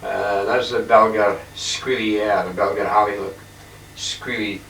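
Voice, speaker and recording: A man's voice: lowish voice, little pitch movement, a bit bright. Older man, echoey and distant. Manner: halting, wandering, frequent throat clearing. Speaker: painter talking about his paintings. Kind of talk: rambling casual reminiscence. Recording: echoey room, distant mic, faint hiss.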